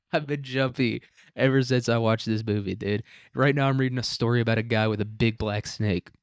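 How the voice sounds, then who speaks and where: A young man recaps a story as a crude running joke, peppering his talk with "dude" and laughing at his own lines. His voice sits at an ordinary pitch and is recorded dry and close, at home. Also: fairly even intonation, moderate pace, clear, resonant tone, dry recording. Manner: crude joking, says 'dude' a lot, laughs at own jokes. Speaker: host. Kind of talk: casual comedic literature recap.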